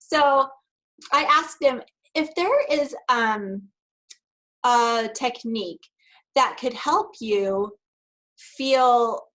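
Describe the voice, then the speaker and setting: A woman with a slightly raised pitch presents at a virtual conference. She tells a personal story in a relaxed, chatty way, laughing along, and later reads from prepared notes. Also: poor audio. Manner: partly reading prepared remarks. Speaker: NLP practitioner and speaker.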